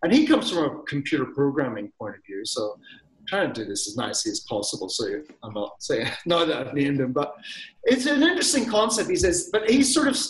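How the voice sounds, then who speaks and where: A man's voice: fairly high pitch, very animated, fairly quick, echoey room, rough recording. A man with a Northern Irish accent, chatting as a guest on a video call in a rambling, jokey, self-deprecating way. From Northern Ireland. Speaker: guest illustrator and author. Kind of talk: casual chat.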